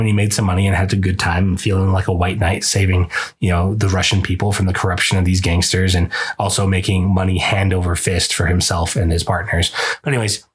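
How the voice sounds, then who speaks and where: A man's voice: low-pitched, breathy edge. A man hosting a podcast, casually retelling a book in a rambling, chatty way with many fillers. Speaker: podcast host reviewing a book.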